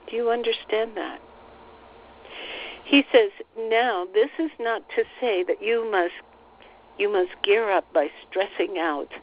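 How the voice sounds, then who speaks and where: A woman relaying channeled spiritual teachings on a recorded call, speaking slowly and gently and repeating phrases. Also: mid-range voice, slight background noise. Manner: slow, soothing, repeats phrases, relays quotes. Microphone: phone line on a teleconference call. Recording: slightly dull teleconference audio.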